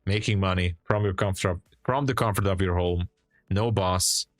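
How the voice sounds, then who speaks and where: Sleepy low-voiced male trading streamer. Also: fairly even intonation, moderate pace, no room sound, studio quality, faint music behind. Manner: rambling, loose and chatty. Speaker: day trading livestream host. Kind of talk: casual live stream chat.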